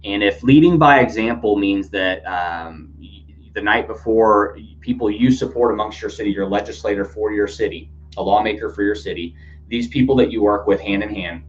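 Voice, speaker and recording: A man hosting a casual news commentary podcast, rambling with many fillers and restarts. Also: on the low side. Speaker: podcast host. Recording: dull lo-fi sound with faint hum.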